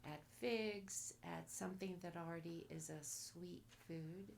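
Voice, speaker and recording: A woman guest on a casual podcast, soft-spoken and nearly whispering at times, giving blunt advice in short commands. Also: lowish voice, steady tone, measured pace, creaky, a little hiss or hum. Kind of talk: casual interview.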